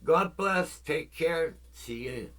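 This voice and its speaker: On his own music channel, a man rambles in a casual vlog-style chat, laid-back and jokey, drifting through tangents and fillers while speaking straight to his viewers with jokes aimed at them. His voice is on the high side, animated, slow, and fairly bright in tone.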